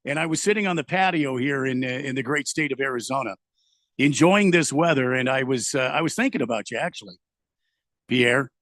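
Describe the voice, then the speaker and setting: A man's voice: mid-range voice, animated, brisk, a bit bright, no echo, studio quality. A man hosting a casual radio show, reading out listener messages in a loose, easygoing way with lots of fillers. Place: home studio in Arizona.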